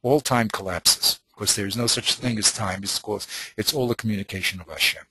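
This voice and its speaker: A man's voice: lowish voice, brisk, bright, forceful tone, slightly rough, no echo. A man teaching a Talmud class in an informal lecture style, thinking aloud with many restarts and Hebrew and Yiddish terms.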